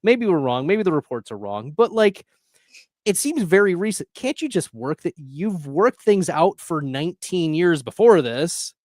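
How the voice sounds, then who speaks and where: A man making his case in a casual podcast conversation, emphatic and earnest. His voice is a little high and the sound is dry and close. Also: sing-song, normal speed, darkish tone, no echo. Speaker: podcast guest. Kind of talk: casual chat.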